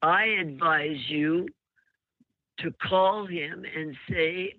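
A man's voice: on the high side, very slow, dry recording. A man hosting a call-in advice show who talks bluntly and lectures, often cutting the caller off. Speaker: radio advice host. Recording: phone-like narrow sound.

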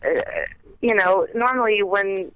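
A woman's voice: medium pitch, a little slow, a bit bright. A woman in casual chat, telling her side of a mix-up in an exasperated, teasing way. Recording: dry, dull lo-fi sound.

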